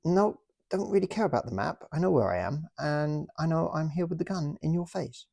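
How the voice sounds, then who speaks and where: Man doing a posh army officer, clipped and polite, higher voice, gravelly edge, toy-soldier skit. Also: animated, normal speed, dark tone, no echo, studio quality. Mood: smug, polite. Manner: clipped upper-class politeness. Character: posh male British army officer, polite but firm.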